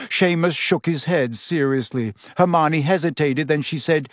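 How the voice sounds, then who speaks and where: A podcast co-host reading a novel passage aloud in a measured, expressive way. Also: mid-range voice, no echo, studio quality.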